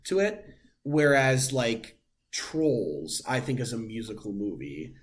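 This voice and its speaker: A man's voice: medium pitch, expressive, slow. Chatty young man, loose and rambling. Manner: rambling, many "like" fillers. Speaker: podcast co-host. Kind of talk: casual chat.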